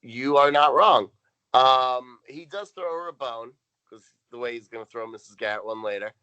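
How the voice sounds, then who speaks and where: Man rambling through bright-voiced notes. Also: mid-range voice, animated, moderate pace, clean tone, lo-fi sound. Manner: rambling, reads out notes with frequent ums. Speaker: podcast co-host. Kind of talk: casual chat recapping a sitcom episode.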